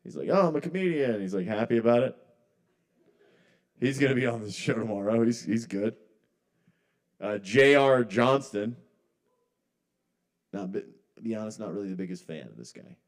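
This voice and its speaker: A man's voice: lowish voice, normal speed, pauses often. A man performing a rambling, conversational stand-up set at an open mic, often trailing off mid-thought. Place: live kava bar open mic.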